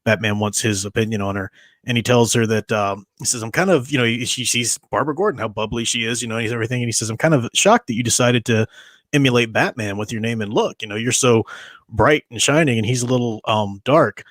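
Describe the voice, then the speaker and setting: A man's voice: medium pitch, fast talker, fairly bright tone, no room sound. A man joining as a guest in a casual conversation about comics, speaking with hesitant fillers and reading aloud his own short post.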